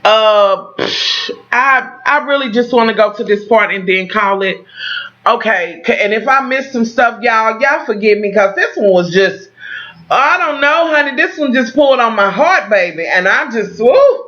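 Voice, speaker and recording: A woman's voice: on the high side, lively intonation, normal speed, bright, forceful tone, highs cut off. A woman recapping a TV episode for her viewers, dramatic and profane, talking straight to the camera. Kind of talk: animated casual recap.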